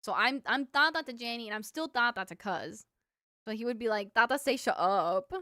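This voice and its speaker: A woman's voice: a little high, expressive, a little fast, pushed and bright, no room sound, clean studio sound. A young woman livestreaming, telling childhood stories to her chat in a rambling, filler-heavy way. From Cuban family. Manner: rambling storyteller, lots of fillers, laughs at own stories. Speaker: livestream streamer. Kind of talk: casual chat with viewers.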